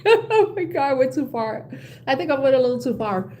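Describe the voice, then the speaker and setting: Tarot vlogger, woman, higher pitch, swears, laughs through a heated rant. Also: very animated, normal speed, darkish tone, a little hiss or hum. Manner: blunt, swears freely, laughs often, gets heated. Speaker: tarot reader. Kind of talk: casual ranting chat to viewers.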